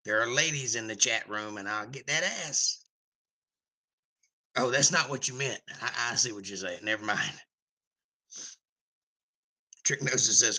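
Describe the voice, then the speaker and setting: A man's voice: mid-range voice, lively intonation, unhurried, long pauses, sharp tone, poor audio. A man hosting a casual live stream, reading chat comments aloud in a jokey, rambling way.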